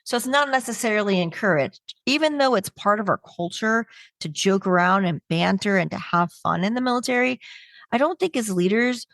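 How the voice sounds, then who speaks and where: A woman's voice: medium pitch, animated, a little fast, a bit bright, no echo, studio quality. A middle-aged woman giving a webinar talk in a stand-up comedy style, brash and joking with punchy delivery. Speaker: webinar speaker on humor.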